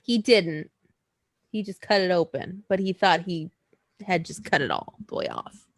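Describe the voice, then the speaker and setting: A woman's voice: on the low side, big pitch swings, measured pace, creaky, no echo, studio quality. A woman co-hosting a podcast in casual, rambling chat, laughing often. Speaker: podcast co-host.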